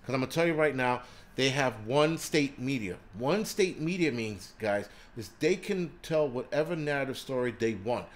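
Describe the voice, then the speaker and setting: A man's voice: medium pitch, animated, normal speed. A man hosting a livestream, ranting heatedly with lots of cursing and stammered restarts, reading and answering chat comments. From United States. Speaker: livestream host. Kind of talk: profane livestream rant.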